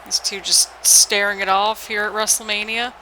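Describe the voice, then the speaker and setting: A YouTuber giving solo play-by-play for a wrestling video game on a headset mic, keeping the voice low because it is late at night. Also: little pitch movement, normal speed, slight background noise, low-quality recording. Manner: keeps the voice low and hushed for late-night recording; hype play-by-play with frequent "people" call-outs. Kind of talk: solo game commentary in a wrestling announcer manner.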